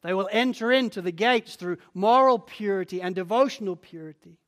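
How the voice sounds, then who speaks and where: A man preaching a sermon as a pastor, earnest and pleading, sinking to a hush on key lines. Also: high voice, fairly quick. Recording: long church reverb.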